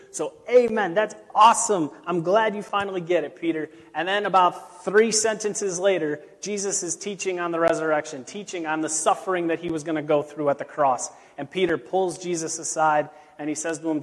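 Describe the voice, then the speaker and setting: A man, a pastor, preaching a sermon in a relaxed storytelling way with casual asides. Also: on the high side, moderate pace. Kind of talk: conversational sermon. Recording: long reverb of a large hall.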